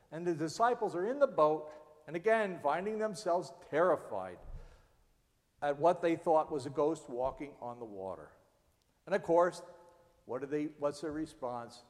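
A man's voice: a little high, expressive, moderate pace. Man preaching in a reverberant hall. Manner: earnest preaching, dramatic readings of scripture and pleas. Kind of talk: sermon.

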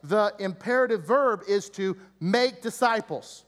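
Pastor guy preaching, high voice, earnest, lots of repeating lists, long echo in the church hall. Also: lively intonation, measured pace, fairly bright tone. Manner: earnest and explanatory, with repetitive emphatic lists. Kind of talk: sermon.

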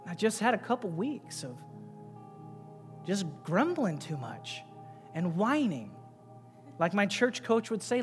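A male pastor preaching a sermon, swinging between loud, emphatic passages and quiet, low asides. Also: sing-song, slow, pauses often. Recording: long reverb with faint music behind.

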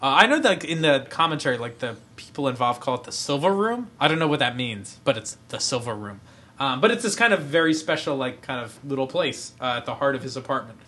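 A man's voice: medium pitch, expressive, quick pace, bright, forceful tone. A man co-hosting a podcast, giving a rambling scene-by-scene recap in casual film discussion. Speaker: podcast co-host.

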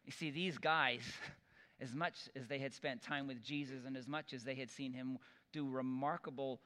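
A man preaching a sermon, telling stories and acting out the quoted voices with lively energy. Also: medium pitch, moderate pace, big-room sound. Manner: animated storytelling with acted-out quotes.

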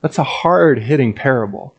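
A man's voice: medium pitch, lively intonation, moderate pace, husky. A man preaching a sermon as a pastor in a conversational, wry way with dry asides.

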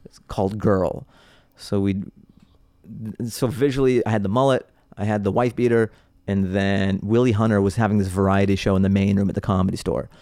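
Lively low-voiced man telling stories. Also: fairly quick, no echo, clean studio sound. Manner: animated, laughs often mid-sentence. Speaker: comedian guest. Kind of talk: casual podcast storytelling.

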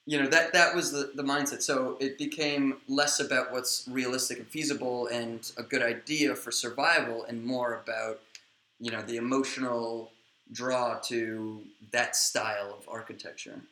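A man's voice: mid-range voice, fairly even intonation, normal speed, bright, forceful tone. A man hosting a podcast in casual, joking conversation with his guests. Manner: joking, playful banter. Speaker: podcast host. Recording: roomy echo.

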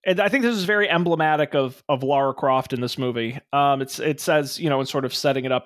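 A man's voice: mid-range voice, fast, few pauses, a bit bright. A man co-hosting a movie podcast in casual chat, with wry, dry humor and frequent laughs. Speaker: podcast co-host.

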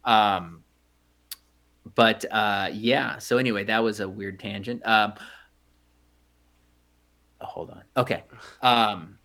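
A man's voice: on the low side, takes it slowly, vocal fry, long pauses, bright, forceful tone. Rambling man co-hosting a podcast. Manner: rambling, many fillers and restarts. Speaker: podcast co-host. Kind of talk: casual chat.

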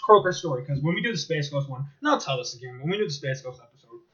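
Hyped-up guy rambling about cartoons, lively up and down voice, muffled lo-fi audio. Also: a little high, rapid-fire. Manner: excitable, rambling, swears a lot, laughs often. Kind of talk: casual chat.

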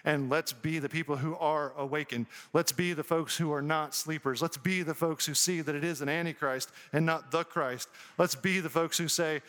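A man's voice: on the high side, steady tone, moderate pace, few pauses, a bit bright. A man preaching an earnest sermon as a pastor, reading scripture and explaining it to his congregation. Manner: earnest, preaching with rising emphasis. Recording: long hall reverb.

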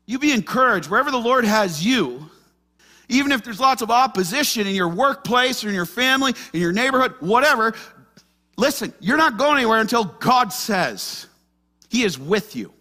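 A male pastor delivers an animated sermon, at times acting out the worried voices of the people in the passage. His voice sits high and bright, and the long tail of hall reverb follows every line. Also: normal speed. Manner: animated, acts out frightened voices of scripture figures.

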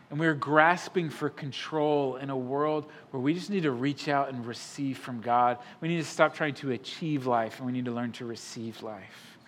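Emphatic pastor, loud then hushed. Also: male voice, on the high side. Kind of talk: sermon. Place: church sanctuary.

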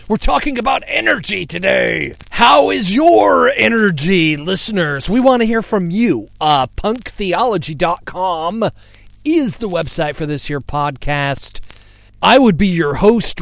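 A man's voice: high-pitched, big pitch swings, a little slow, vocal fry, a bit bright, no room sound. A man hosting a podcast in loose, casual chat, punchy and rambling, swearing freely and laughing at himself. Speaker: podcast host.

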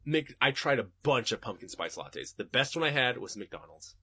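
Man, young adult, podcast host, profane animated rant, swooping pitch, crisp bright tone. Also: normal speed, no room sound. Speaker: podcast host answering listener questions. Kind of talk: casual rant. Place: home desk.

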